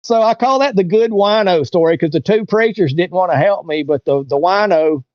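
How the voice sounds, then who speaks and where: Male interview guest, casual rambling storyteller, slightly high voice, dry muffled sound. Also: normal speed, a little mellow, dry recording. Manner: rambling, colloquial, acts out others' lines.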